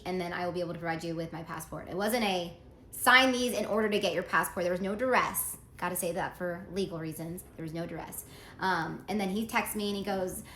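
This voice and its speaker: A woman's voice: mid-range voice, a bit bright, reverberant. A woman casually telling a dramatic personal story, acting out the texts and lines she quotes.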